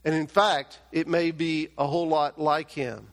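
A man with a high voice preaches a sermon to his congregation. He drives his points home through emphatic, stacked repetition. His voice rings with the long reverb of a large church hall. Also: steady tone, measured pace. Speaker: pastor.

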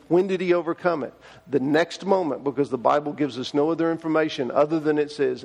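A man's voice: sits high, big-room sound. A man preaching a sermon, telling the story in a folksy way with paraphrased dialogue, recorded in a church sanctuary. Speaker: pastor.

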